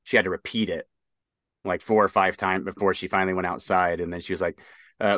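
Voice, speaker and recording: Dry-voiced man telling a halting story. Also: low voice, steady tone, pushed and bright, no room sound. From Nebraska. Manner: halting, many fillers and restarts. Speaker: interview guest, military veteran. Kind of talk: casual spoken storytelling.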